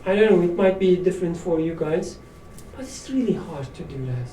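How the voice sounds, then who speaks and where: Mellow man teaching from across a roomy space. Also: sits high, expressive, brisk. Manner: reflective, self-deprecating with light laughs. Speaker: study circle leader. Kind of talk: informal religious study talk. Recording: roomy echo, distant mic, faint room noise.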